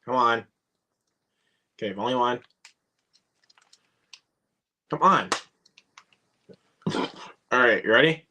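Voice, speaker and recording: A man's voice: mid-range voice, expressive, slow pace, pushed and bright. A man hosting a casual live Q&A, swearing freely and cracking dry jokes. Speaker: host.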